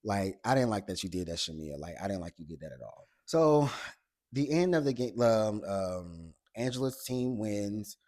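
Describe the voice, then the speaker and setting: A man with a fairly low voice recaps a reality TV episode in a loose vlog. He is blunt and swears freely. He tells the cast members directly what he thinks and retells the drama like gossip to a friend. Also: lively intonation, normal speed, darkish tone. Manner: blunt, profane, talks straight to the cast; retells scenes in chatty gossip style. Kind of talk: casual episode recap commentary.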